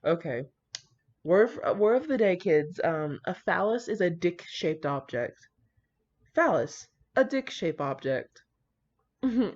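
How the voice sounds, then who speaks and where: A woman's voice: on the low side, animated, unhurried, a little mellow. A young woman reading fan fiction aloud and breaking off into giggly, profane, gushing asides, on a dull lo-fi home recording. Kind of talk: casual reading and reacting.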